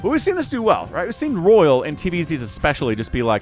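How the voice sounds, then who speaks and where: Male esports caster, animated pitch, casual rambling delivery, soft music bed. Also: fast talker, hardly any pauses. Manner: chatty, rambling asides, self-correcting. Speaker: game caster. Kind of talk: solo esports commentary.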